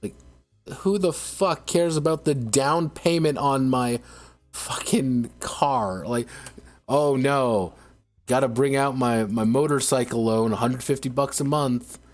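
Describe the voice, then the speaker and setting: A man's voice: medium pitch, takes it slowly, soft background music. A man streaming, ranting casually in a sarcastic, profane way, rambling with frequent restarts.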